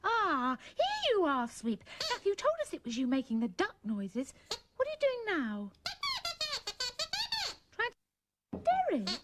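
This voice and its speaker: A woman's voice: high-pitched, wildly swooping pitch, unhurried, long pauses. Coaxing woman presenting a puppet show. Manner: gentle, coaxing, talks to puppets like small children. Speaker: children's TV presenter. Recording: old VHS tape with music and hiss.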